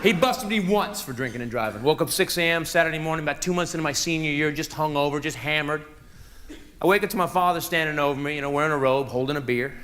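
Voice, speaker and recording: A man performing a stand-up routine, telling wry family stories with quick punchlines on a live stage. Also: on the high side. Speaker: stand-up comedian. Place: live comedy stage before an audience. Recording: loud noise over live stage audio.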